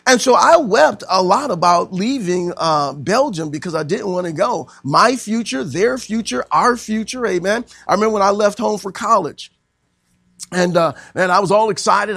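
A middle-aged man preaching a sermon in a folksy way, sprinkling in amens and swinging between loud emphasis and hushed tones. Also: high voice, moderate pace, gravelly, no echo. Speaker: pastor.

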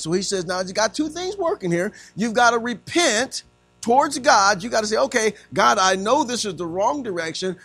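A man's voice: sits high, vocal fry, a bit bright. A man preaching a sermon, quizzing his congregation in call-and-response style.

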